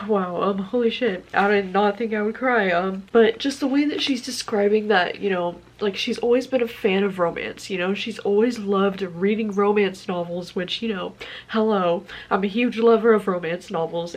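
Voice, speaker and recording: A woman's voice: medium pitch, normal speed, low-quality recording. Chatty young woman book vlogger. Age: 20s. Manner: chatty, many "like" fillers, candid and emotional. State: tearful. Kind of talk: casual vlog chat.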